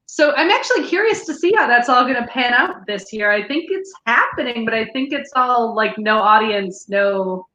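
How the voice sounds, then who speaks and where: A woman's voice: on the high side, animated, normal speed, hardly any pauses, sharp tone, reverberant, rough recording. A woman co-hosting a podcast in casual chat, enthusiastic and steering the talk along. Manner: chatty and enthusiastic, steering the conversation. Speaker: podcast co-host.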